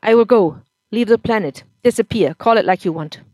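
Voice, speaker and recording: A woman reading as a drunken, angry husband in a storybook reading, loud, harsh and bitter. The sound is dry and close, with a mid-pitched delivery that has no room echo. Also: fairly quick, lo-fi sound, lightly acted. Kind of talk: audiobook-style story reading.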